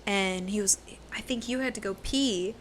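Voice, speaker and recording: A woman's voice: medium pitch, moderate pace, slight background noise. A young woman co-hosting a podcast, telling a story in casual chat with dry asides. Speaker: podcast co-host.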